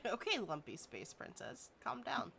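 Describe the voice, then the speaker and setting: A woman's voice: fairly high pitch, huge pitch swings, a little slow, gravelly, pushed and bright, husky. A woman streamer chatting casually over a video game, giggly and teasing, swearing now and then. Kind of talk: casual gaming chat.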